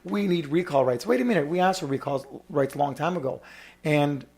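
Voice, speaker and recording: A man's voice: fairly high pitch, animated, a little fast, creaky, a little mellow. A man hosting a podcast and arguing politics with emphatic, campaign-speech passion. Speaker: podcast host. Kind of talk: heated political discussion.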